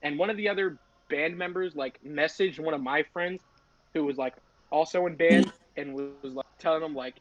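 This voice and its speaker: A young man, a podcast host, telling a story in a casual, animated and profane way, often laughing. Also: a little high, moderate pace, no echo. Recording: dry, slightly dull podcast audio.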